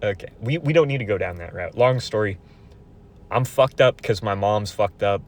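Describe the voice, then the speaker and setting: Brief: twenty-something guy, low voice, swearing a lot, rambling vent with lots of restarts. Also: normal speed, a little mellow. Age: 20s. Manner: profane, rambling, frequent restarts. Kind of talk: casual venting monologue.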